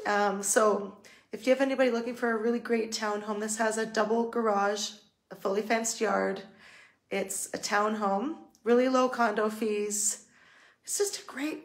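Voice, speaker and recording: A cheerful Canadian woman with a slightly high voice leads a live walk-through of a house. She chats along informally, with plenty of ums and restarts, into a phone she carries from room to room. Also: steady tone, moderate pace. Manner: chatty, upbeat, full of fillers and restarts. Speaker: real estate agent. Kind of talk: live video home tour. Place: indoors in a house, walking through rooms.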